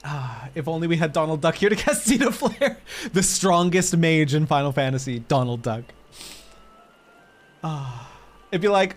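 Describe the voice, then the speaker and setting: A man's voice: fairly high pitch, expressive, moderate pace. A man live-streaming a video game, reacting with emotional, rambling and swearing talk while joking with his chat.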